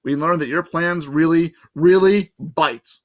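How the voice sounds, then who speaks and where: A man's voice: on the high side, a little slow, pitched above the performer's own voice, close to an everyday voice. Storybook satyr boy, young and jittery, a bit teasing, voiced by a man.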